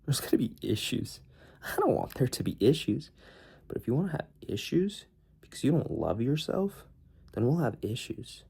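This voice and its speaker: A man's voice: medium pitch, very animated, normal speed, vocal fry, warm tone, breathy edge. A man vlogging in a casual, rambling way, joking with viewers and talking himself into being productive. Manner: rambling, joking, self-motivating. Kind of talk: casual self-talk vlog.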